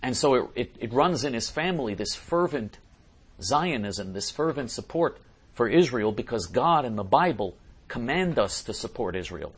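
A man giving a political commentary monologue, emphatic and repetitive, who often clears his throat. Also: mid-range voice.

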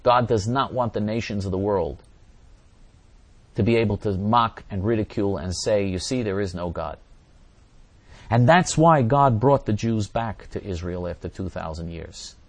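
A man's voice: lowish voice, normal speed, breathy edge, no room sound. A man giving impassioned religious teaching and answering viewer questions, repeating phrases and acting out quoted voices.

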